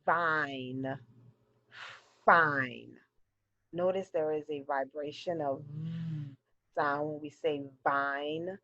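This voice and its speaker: A woman teaching a phonics lesson to children, slowly drilling pairs of words for the class to repeat. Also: low-pitched, fairly even intonation, no echo, dull audio. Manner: slow, clearly drilled word pairs.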